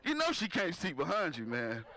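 A man's voice: on the high side, wildly swooping pitch, moderate pace, sharp tone. A man doing a stand-up comedy set, talking loosely with the crowd and laughing at his own jokes. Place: live comedy venue with audience.

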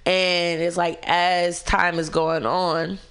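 A woman's voice: on the low side, level tone, slow, fairly bright tone, clear, resonant tone. A young woman co-hosting a radio talk show, chatting candidly and animatedly in slangy, casual speech. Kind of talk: casual chat.

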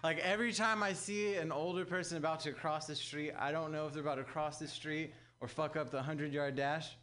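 A man's voice: on the high side, fairly even intonation, brisk, sharp tone. A young man from Southern California performing a stand-up comedy set, talking wryly and conversationally to a live audience. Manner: conversational, wry, addresses audience as guys.

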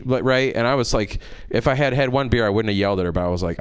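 A man doing a stand-up set, telling a profane, rambling story that builds to yelling, on a handheld mic in a comedy club. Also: medium pitch, fairly quick, few pauses, clean tone.

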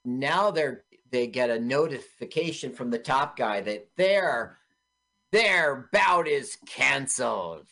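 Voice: mid-range voice, lively intonation, slow, pushed and bright. A co-host chatting casually and joking while narrating a movie's plot aloud on an internet radio show. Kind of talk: casual movie riffing chat.

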